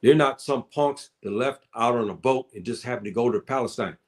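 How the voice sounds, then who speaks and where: A man's voice: mid-range voice, fairly quick. A man giving casual spoken commentary, addressing listeners as brother and sister and often repeating his words.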